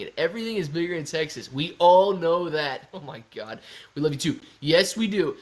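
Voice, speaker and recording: Young man, livestream host, casual and jokey, reading chat aloud, a bit high-pitched. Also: fairly bright tone. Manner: jokey, reads viewer comments aloud.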